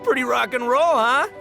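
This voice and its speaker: A man's voice: extremely high pitch, vocal fry, sharp tone, exaggerated voice. An actor playing a brash, boastful young male gang boss in a video game, boisterous and laughing, tripping over fillers. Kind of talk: game voice acting.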